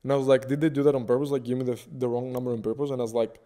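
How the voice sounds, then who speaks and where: Guest, young man, animated casual storyteller. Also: mid-range voice, very fast. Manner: animated, swearing freely.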